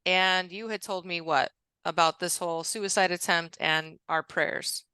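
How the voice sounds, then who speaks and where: A woman's voice: fairly low pitch, steady tone, a little slow, sharp tone, clear, resonant tone, no room sound. A woman hosting an interview, affirming her guest and asking follow-up questions. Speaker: host. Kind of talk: interview conversation.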